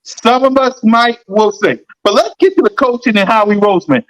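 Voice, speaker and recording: A man's voice: sits high, lively intonation, moderate pace, few pauses, a bit bright, poor audio. A man hosting a fan sports talk show, ranting in a heated, mocking way and repeating lines for emphasis.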